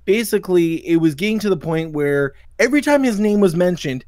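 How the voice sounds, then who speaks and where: A male livestream host rants at a fast clip, swearing freely. His voice sits high for a man. The sound is dry and close. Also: expressive, darkish tone, no room sound. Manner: profane, ranting, quotes people in mocking voices. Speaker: podcast host. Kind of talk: heated livestream commentary.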